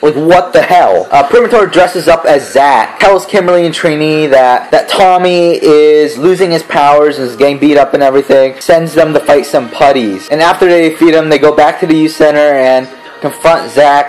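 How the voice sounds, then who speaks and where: A man's voice: on the high side, moderate pace, faint music behind, low-quality recording. A man giving a casual spoken review, ranting in an exasperated, profane way. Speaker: show reviewer.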